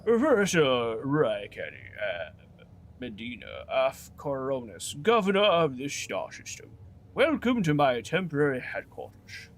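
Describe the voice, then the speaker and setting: A man's voice: fairly high pitch, huge pitch swings, measured pace, fairly bright tone, slightly rough, voice pushed up, exaggerated voice. A man voicing a curt, posh male military governor while reading game dialogue aloud. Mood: formal.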